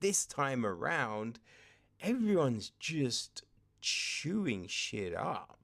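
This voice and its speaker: A man with a gravelly, fry-heavy voice rants about a show in an unhurried drawl. He sounds exasperated and tired, rambling through fillers and curses as he goes. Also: medium pitch, very animated, a bit bright. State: tired, up in the small hours. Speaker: show reviewer. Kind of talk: casual rant.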